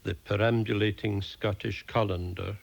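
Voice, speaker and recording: A man reading his own comic short stories aloud in a dry, deadpan manner. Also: on the low side, moderate pace, gravelly. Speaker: storyteller.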